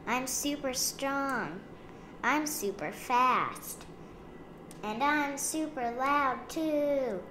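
A woman voicing an eager little girl polar bear playing superhero in a picture book, loud and bossy. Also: mid-range voice, lively intonation, slow, reverberant, noisy background, voice pushed up. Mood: excited.

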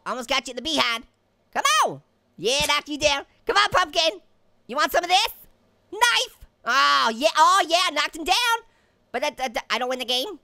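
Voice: high voice, vocal fry, pushed and bright, no echo, studio quality, exaggerated voice. A performer voicing a hyper, cheeky male talking orange who giggles, makes puns and chatters nonstop while playing a game. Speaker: game player. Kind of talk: cartoon character let's-play commentary.

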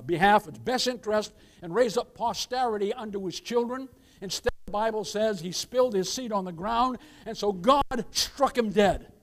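A man pastor preaching an emphatic sermon, quoting scripture, calling the congregation "beloved" and asking for amens. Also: high-pitched. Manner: addresses listeners as "beloved", keeps asking for amens.

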